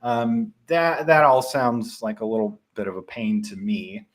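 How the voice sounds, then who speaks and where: A young man with a Midwestern accent, casually presenting a live software tutorial with frequent ums and restarts. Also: medium pitch, lively intonation, a little slow. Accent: Midwestern American.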